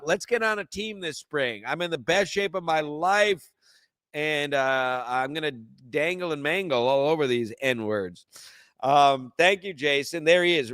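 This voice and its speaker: A man's voice: on the high side, fairly bright tone, dry recording. A young man hosting a sports podcast, brash and profane, rambling through his picks in casual talk.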